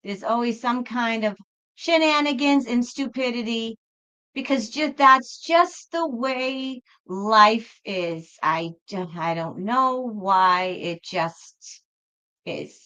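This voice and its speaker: Bright-voiced chatty woman on a live stream. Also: a little high, slow, clear, resonant tone, poor audio. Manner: rambling, chatty, self-interrupting. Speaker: tarot reader hosting a live stream. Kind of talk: casual live-stream chat.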